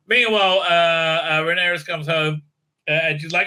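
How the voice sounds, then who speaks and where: This male reviewer talks at a normal speed, his steady voice on the high side and pushed and bright. He wanders through a loose spoken review, often restarting and using fillers, and performs lines from the show as he goes.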